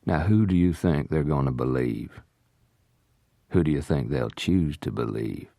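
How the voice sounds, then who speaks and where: A man's voice: a bass voice, expressive, a little slow, gravelly, mellow, no echo, clean studio sound, heavily acted. A man reading aloud voices a vengeful man who taunts his captive in a mocking drawl.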